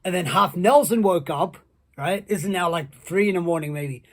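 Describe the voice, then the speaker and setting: Man, high voice, husky, rambling profane wrestling anecdote. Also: moderate pace. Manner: rambling, profane, building excitement. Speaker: storyteller, former wrestler. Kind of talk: casual anecdote.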